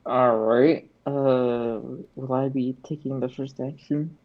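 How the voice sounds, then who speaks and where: A tabletop game player speaking casually, pausing with fillers, on a dull lo-fi mic. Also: mid-range voice, fairly even intonation.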